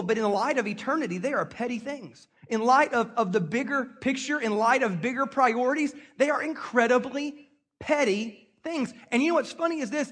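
High-voiced storytelling man preaching. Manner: conversational storytelling preacher, animated call-and-response. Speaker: pastor. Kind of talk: sermon.

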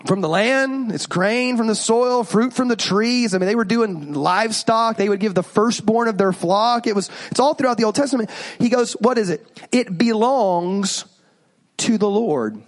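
A pastor in his thirties preaching a sermon, animated and joking as he tells stories and asks the congregation questions. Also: sits high, moderate pace.

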